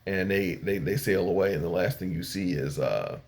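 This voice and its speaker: An older man with a fairly low voice and a gravelly rasp to it talks through an episode of a show. He retells the plot in a loose, rambling way, padding it with fillers and paraphrasing what the characters say. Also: normal speed, a little mellow. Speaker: anime reviewer. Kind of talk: casual episode recap.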